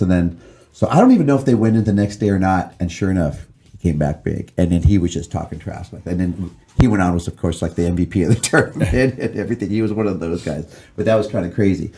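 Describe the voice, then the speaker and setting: A man hosting a podcast, chatting casually and telling a story in a relaxed way. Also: sits low, a little fast. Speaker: podcast host. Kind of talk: casual chat.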